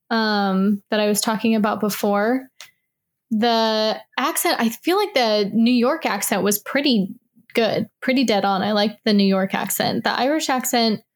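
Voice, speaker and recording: A woman co-hosting a casual review chat, thinking aloud as she talks. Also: on the high side. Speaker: podcast co-host.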